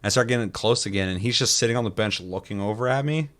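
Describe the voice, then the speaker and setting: A man's voice: lowish voice, fast talker. A man co-hosting a casual gaming podcast, telling game stories with lots of swearing and laughter. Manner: animated storytelling, heavy swearing, laughs often. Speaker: podcast co-host.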